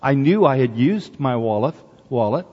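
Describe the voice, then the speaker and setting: A man's voice: mid-range voice, lively intonation, moderate pace. A male pastor preaching to his congregation in an earnest way. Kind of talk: sermon. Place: church hall. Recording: dull lo-fi recording with long hall reverb.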